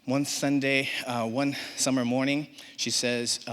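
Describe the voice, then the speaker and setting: A man reading a personal story live on a theater stage, expressive and humorous. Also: mid-range voice, unhurried, hardly any pauses. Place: theater stage before an audience.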